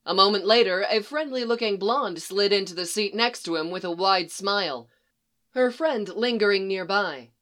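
A narrator reading a story aloud in an even storytelling manner, as an audiobook reading. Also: mid-range voice, moderate pace.

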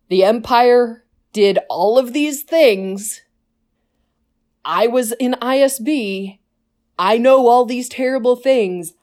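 A woman's voice: mid-range voice, darkish tone, lightly acted. A woman voicing a worn-out, battered male former imperial spy, talking bluntly and over-explaining in a casual retelling. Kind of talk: casual retelling with quoted voices.

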